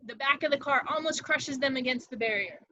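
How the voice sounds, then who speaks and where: A woman narrating the stage directions at an amateur table read with a dramatic, expressive delivery. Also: high voice, fairly quick, highs cut off, a little hiss or hum.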